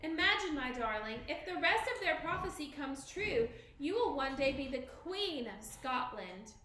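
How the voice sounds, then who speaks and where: A woman's voice: sits high, very animated, normal speed, pushed and bright, reverberant, slight background noise, full character voice. Macbeth, an ambitious warrior lord, read by a woman. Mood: tender.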